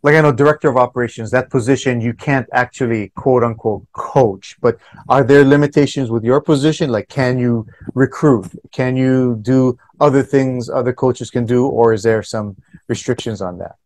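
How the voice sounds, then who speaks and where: A man's voice: medium pitch, moderate pace, darkish tone. Friendly male radio host asking questions. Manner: friendly, rambling questions, chuckles. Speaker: radio show host, interviewer. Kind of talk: casual radio interview.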